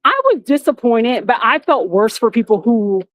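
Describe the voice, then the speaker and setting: Woman, live walk-and-talk vlogger, dramatic storyteller, bright-pitched, dry close sound. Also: normal speed, no echo. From Florida. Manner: animated, dramatic storytelling with big pitch jumps. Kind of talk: live walking vlog. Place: outdoors in a theme park.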